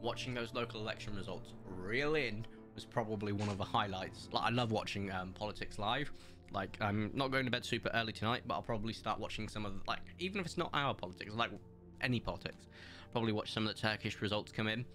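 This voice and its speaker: A man's voice: fairly low pitch, fast talker, pushed and bright, soft background music. A man, hosting community games on a live stream and chatting casually in a rambling, anecdotal way. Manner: rambling and anecdotal, with many fillers.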